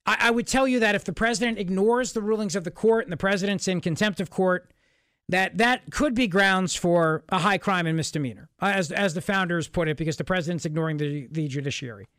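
A male talk radio host with a high voice holds forth in an emphatic, sarcastic monologue, hammering his points through repetition. His studio microphone sounds close and dry, with no room around it. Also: a little fast, a bit bright, dry recording.

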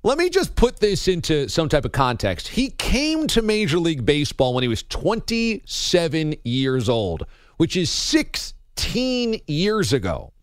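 A man's voice: on the high side, huge pitch swings, a little slow, no echo, studio quality. A man hosting a sports talk show, joking around and rattling off baseball stats in a casual, wry way.

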